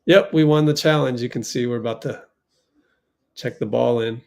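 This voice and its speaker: A man hosting a fan watch party stream, giving casual play-by-play, reacting loudly to plays and reading the chat aloud. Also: mid-range voice, normal speed, vocal fry.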